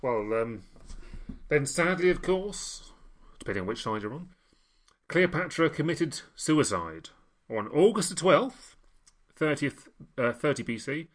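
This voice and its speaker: A man's voice: on the high side, big pitch swings, unhurried, pauses often. A man co-hosting a casual history chat, narrating events with dry, wry quips. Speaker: podcast co-host.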